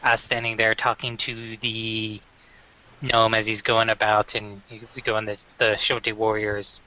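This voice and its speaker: A man's voice: fairly low pitch, flat delivery, a little slow, pushed and bright, lo-fi sound. A man narrating as game master of a tabletop game, rambling with many fillers and restarts.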